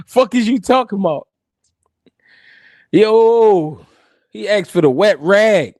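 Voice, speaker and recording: A man's voice: high voice, animated, slow, a little mellow, no room sound, clean studio sound. A man hosting a live boxing stream, joking and laughing through profane banter.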